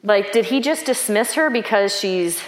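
A woman's voice: mid-range voice, lively intonation, normal speed. Conversational woman preaching in an echoey room. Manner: reflective and conversational, questioning aloud. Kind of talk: sermon.

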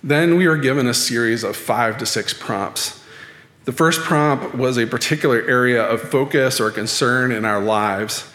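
A man delivers a sermon-style talk in a measured, dryly self-deprecating way. His voice sits at a middling pitch and rings out through a large, echoey church hall with a long reverb tail. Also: fairly bright tone. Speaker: lay speaker at church.

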